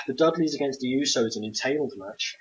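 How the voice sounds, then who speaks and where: A man's voice: mid-range voice, a little fast. A man co-hosting a casual wrestling chat, laid-back and blunt, swearing now and then. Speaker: podcast co-host. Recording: dull lo-fi sound.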